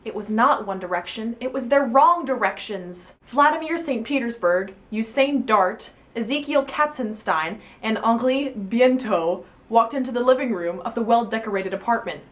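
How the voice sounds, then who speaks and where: A woman's voice: a little high, lively intonation, normal speed, hardly any pauses, a bit bright. A teenage girl reading comedic fan fiction aloud in a mock-dramatic, giggly manner.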